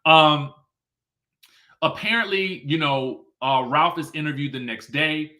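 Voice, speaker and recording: Recapping drama with casual, animated energy, this male commentator keeps saying "okay" and throwing out rhetorical questions. His voice is on the high side, pushed and bright, and he takes his time.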